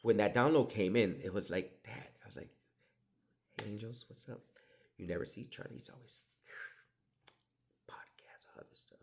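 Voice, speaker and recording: A man's voice: lowish voice, normal speed, vocal fry. A middle-aged man hosting a podcast, telling rambling stories in a profane, digressive way, often dropping into whispered asides. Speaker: podcast host. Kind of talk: rambling storytelling monologue.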